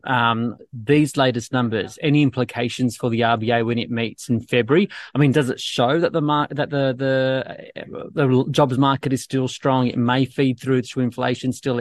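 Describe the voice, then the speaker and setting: A man presenting a finance news podcast, reading market news and asking interview questions in a brisk, scripted manner. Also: medium pitch, steady tone, no room sound.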